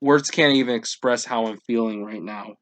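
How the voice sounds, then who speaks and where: A man's voice: medium pitch, normal speed, a bit bright. A man hosting a casual manga reaction, thinking aloud and getting emotional as he reads. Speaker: reaction channel host.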